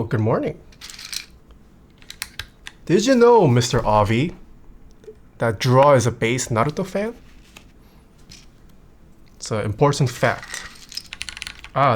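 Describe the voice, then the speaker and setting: A streamer in a relaxed livestream chat who reads viewers' questions aloud and answers them offhand. The voice often drops quiet while typing. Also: medium pitch, measured pace, pauses often, slight background noise.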